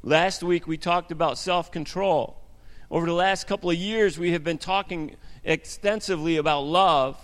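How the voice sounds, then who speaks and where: Pastor with a cold, echoing church hall. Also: male voice, on the high side. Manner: earnest, halting, restarts phrases. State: scratchy voice from a cold. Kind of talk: sermon with prayer. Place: church sanctuary. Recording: long hall reverb.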